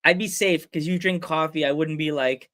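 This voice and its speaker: A man's voice: on the high side, steady tone, moderate pace, fairly bright tone, dry recording, studio quality. An American man hosting a casual podcast over a remote call, chatty and rambling, laughing often. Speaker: podcast host. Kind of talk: casual chat. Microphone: remote call mic.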